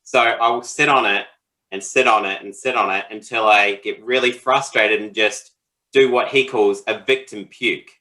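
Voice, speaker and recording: A man co-hosting a podcast, talking in a relaxed, rambling conversational way and laughing often. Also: fairly low pitch, normal speed, poor audio. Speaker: podcast co-host. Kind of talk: casual conversational podcast chat.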